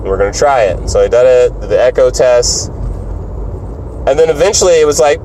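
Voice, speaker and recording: A man tells a rambling story while he drives, swearing freely and acting out the people in it. His voice sits at an ordinary middle pitch. A faint hum of the car and the street stays under his talk. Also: normal speed. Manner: profane, animated storytelling, acts out other voices. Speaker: stand-up comedian vlogger. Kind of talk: casual driving vlog storytelling.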